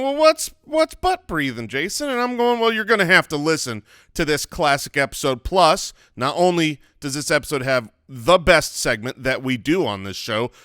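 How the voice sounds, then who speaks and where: A man's voice: medium pitch, pushed and bright, no echo, clean studio sound. A man co-hosting a comedy podcast, chatting casually and playfully, often laughing. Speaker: podcast co-host.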